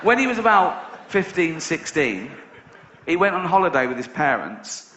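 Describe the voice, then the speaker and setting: In a sing-song, slightly high voice at a moderate pace, an English stand-up comic spins stories, voices the people in them and keeps breaking into laughter. He performs on a large theatre stage to a live audience, and the roomy, muffled concert recording picks up background noise and laughter.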